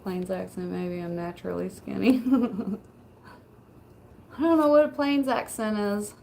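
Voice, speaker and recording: A woman's voice: medium pitch, fairly even intonation, a little slow, gravelly, a little mellow, a little hiss or hum, low-quality recording. A woman streamer in casual livestream chat, laid-back, swearing freely and laughing often as she reads messages.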